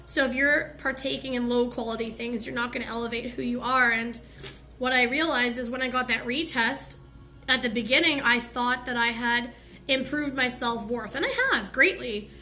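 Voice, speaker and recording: A woman's voice: a little high, fairly even intonation, moderate pace, pushed and bright. A young woman hosting a live stream, giving a candid, heartfelt motivational talk with slangy asides.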